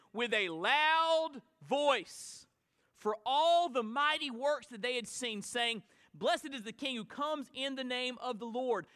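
High-voiced preacher in an echoing church. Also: male voice. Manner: swings from quiet to shouted emphasis. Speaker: pastor. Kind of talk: sermon. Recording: long church hall reverb.

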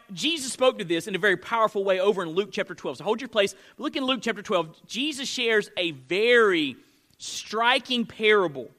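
A male pastor in middle age delivering a sermon with a high, forceful, bright voice. He preaches emphatically, building to loud declarations, then dropping to quiet, low-pitched lines. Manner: emphatic preaching, swinging between loud and soft.

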